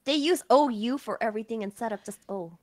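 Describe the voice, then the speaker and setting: A woman co-hosting a podcast in casual chat, excitable, laughing and prone to loud outbursts. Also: on the high side, a little fast. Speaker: podcast co-host.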